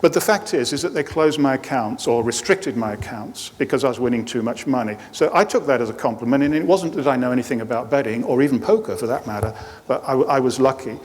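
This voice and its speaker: A man's voice: mid-range voice, quick pace, few pauses, a little hiss or hum. A middle-aged man, a performance coach, giving a talk to a live audience and telling anecdotes with light humor. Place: lecture hall. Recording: reverberant hall.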